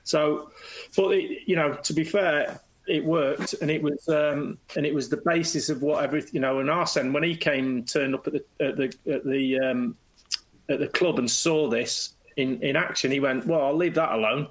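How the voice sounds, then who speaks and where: A middle-aged man, a former footballer, telling anecdotes as a guest in a lively way and slipping into quoted voices. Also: on the high side, normal speed, poor audio. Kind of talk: anecdotal storytelling.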